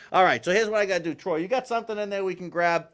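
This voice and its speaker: A man hosting a live political talk show, ranting in an animated, exasperated way with frequent restarts. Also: high voice. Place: live studio with guests.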